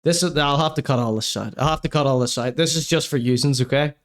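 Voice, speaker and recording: A man's voice: mid-range voice, fast, faint music behind. A man hosting a live-streamed comedy show, ranting crudely in mock seriousness and then apologising over and over. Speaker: podcast host. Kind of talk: live-streamed comedy rant and chat reading.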